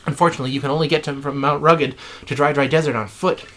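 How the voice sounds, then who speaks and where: A man's voice: fairly high pitch, steady tone, fast talker, fairly bright tone. A man hosting a let's play, reading in-game text with mock drama and joking asides.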